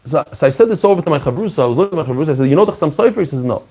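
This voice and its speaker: An animated man teaches a Talmud class in a slightly higher voice. He acts out the back-and-forth of the sages as he goes, dropping Hebrew and Aramaic terms into his English. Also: very fast, few pauses.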